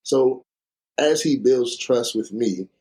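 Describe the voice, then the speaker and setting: A man's voice: medium pitch, takes it slowly, warm tone. A man hosting a podcast, talking reflectively and thinking aloud in casual conversation. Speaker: podcast host.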